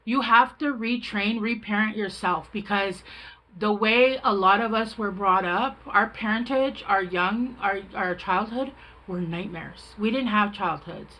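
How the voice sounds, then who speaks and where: This tarot reader speaks unhurriedly in a medium pitch with a sharp edge, captured on poor audio. She rambles through a casual reading, chatty and candid, stopping herself mid-sentence and starting over again and again.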